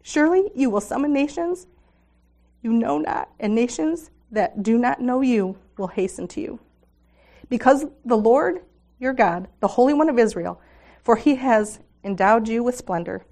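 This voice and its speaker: A woman's voice: a little high, expressive, measured pace, a little mellow. A middle-aged woman speaking to a women's gathering, reading scripture aloud in an earnest devotional manner. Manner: earnest, reads scripture aloud, laughs with audience.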